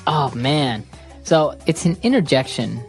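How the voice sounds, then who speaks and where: A woman co-hosting an English-learning podcast, guiding the lesson in casual chat and backing her partner with steady "mm-hmm"s. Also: deep voice, a little slow, soft background music. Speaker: podcast co-host and English teacher.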